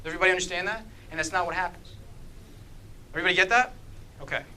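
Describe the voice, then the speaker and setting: High-voiced, bright man quizzing a group. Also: racing, a little hiss or hum, rough recording. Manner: quizzes the audience with frequent "okay?"; lively and animated, with a playful humor. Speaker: speaker leading a church group talk. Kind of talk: interactive apologetics talk.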